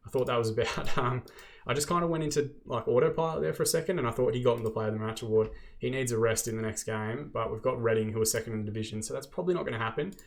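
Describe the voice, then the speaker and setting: An Australian man hosting a football management video game series, narrating match play with exasperated, self-deprecating commentary. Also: mid-range voice.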